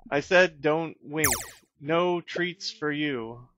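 A man's voice: on the high side, takes it slowly, highs cut off, noisy background. A man voicing a sleepy, condescending female spirit bear from a game, with a raised, drowsy delivery. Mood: scolding.

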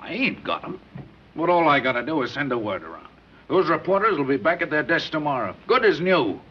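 A man's voice: a little high, sing-song, a little fast. A man playing a cocky gangster who bargains with police in pushy street slang, on a dull 1930s film soundtrack with hiss.

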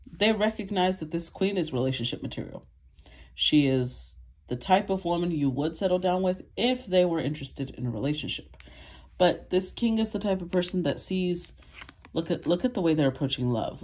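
A woman's voice: deep voice, darkish tone. A woman giving a casual tarot reading, calling out cards and thinking aloud as she interprets them. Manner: thinks aloud, calls out cards, clears throat. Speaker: tarot reader.

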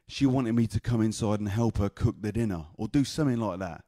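A performance poet from England, speaking with an English accent, delivers spoken word in a rhythmic, chanted style at an open mic and tells stories between poems. His voice is fairly low and warm, his pace brisk, with no echo.

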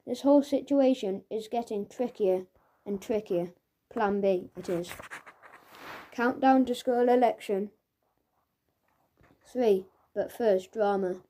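A woman narrating a children's audiobook in the first person, in a lively, playful storytelling manner. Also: mid-range voice, takes it slowly, long pauses.

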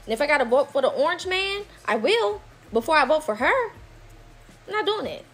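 A woman's voice: high-pitched, very animated, fairly quick, fairly bright tone. A woman giving a blunt, profane direct-to-camera rant, hammering points by repeating them. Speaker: political commentator.

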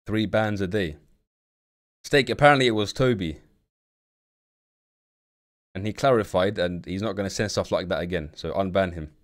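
Blunt, slangy young man. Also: sits low. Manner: blunt, slangy, swears freely. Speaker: live streamer. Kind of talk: casual live-stream commentary.

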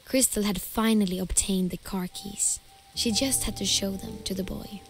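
Calm woman narrating a storybook game. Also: medium pitch, normal speed, faint music behind.

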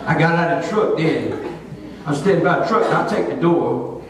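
A male pastor preaching a sermon, telling a folksy story in an animated way. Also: fairly high pitch, fairly quick, a little hiss or hum. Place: church sanctuary. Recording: echoey church hall, distant mic.

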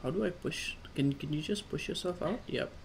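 A man doing casual let's play commentary, coaxing his character along with repeated calm-down phrases. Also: on the high side, brisk, gravelly, a little hiss or hum. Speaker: gamer.

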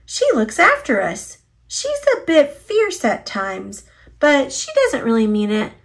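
A woman voicing a kind, eager young girl in a storybook, warm and encouraging. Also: fairly high pitch, huge pitch swings, slow pace, vocal fry, full character voice.

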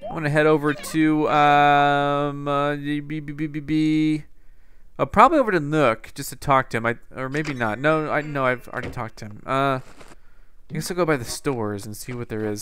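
A man's voice: mid-range voice, a bit bright. A man hosting his own gaming channel, giving casual, jokey gameplay commentary with self-mocking asides. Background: faint game music.

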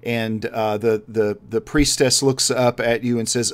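A man narrating a tabletop game as game master, pausing often and restarting his sentences as he describes scenes. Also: mid-range voice, steady tone. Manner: hesitant, many fillers and restarts while describing scenes.

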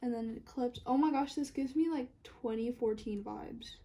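A young woman filming an unboxing vlog, excited and gushing, sometimes dropping to a whisper. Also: fairly high pitch, moderate pace, a little hiss or hum. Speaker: YouTuber.

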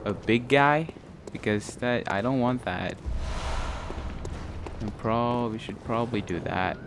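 A man's voice: mid-range voice, takes it slowly, noisy background. A man hosting a let's play who talks jumpily, exclaims often and swears a lot. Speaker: gaming channel host. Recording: game sounds audible behind the voice.

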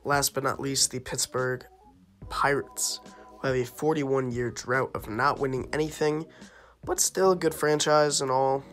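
A man's voice: medium pitch, steady tone, a little slow, fairly bright tone, soft background music. Chatty young man voicing game picks. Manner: chatty, self-interrupting, wavering pick by pick. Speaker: gaming YouTuber. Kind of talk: casual gameplay commentary.

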